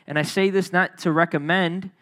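A man's voice: high-pitched, steady tone, moderate pace, pushed and bright. A man preaching a sermon in a loose, slangy storytelling way, acting out the people in his stories. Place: church hall.

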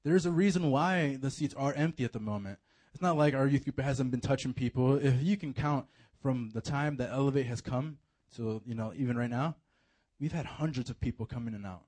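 A man preaching a casual, animated sermon to a youth group, full of slang and fillers. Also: mid-range voice, fairly quick. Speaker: youth pastor.

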